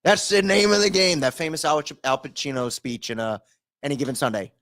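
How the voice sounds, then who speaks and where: Animated, profane male sports podcaster. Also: a little high, brisk. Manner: animated, profane, mocking impressions. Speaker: podcast co-host. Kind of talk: casual sports chat.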